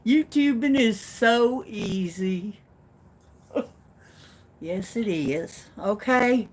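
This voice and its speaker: A woman with a flat Midwestern accent hosting a casual livestream, rambling and teasing herself playfully. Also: medium pitch, breathy edge. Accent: Midwestern American. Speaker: livestream host.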